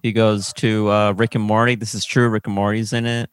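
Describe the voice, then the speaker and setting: A man hosting a casual podcast chat, rambling in a deadpan way. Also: lowish voice, brisk, slight background noise. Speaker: podcast host.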